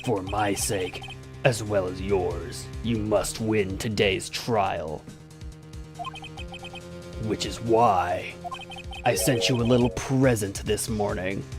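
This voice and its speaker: Guy putting on a creepy polite kidnapper voice, low and drawn out, game villain, bit of music under it. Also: steady tone. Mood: silkily menacing. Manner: slow, low, mock-courteous. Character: menacing, overly polite male kidnapper.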